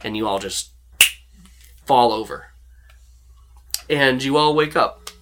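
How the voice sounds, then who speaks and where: A man's voice: medium pitch, takes it slowly, fairly bright tone. A man narrating a tabletop role-playing game as game master, in a loose storytelling way with lots of fillers.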